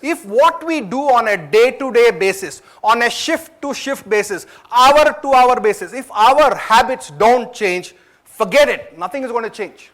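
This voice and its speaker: At a management training event, an Indian man gives a motivational talk in a high, animated, somewhat bright voice with an Indian English accent. He shares his story chattily, uses fillers when pausing, and checks in with the audience through quick questions.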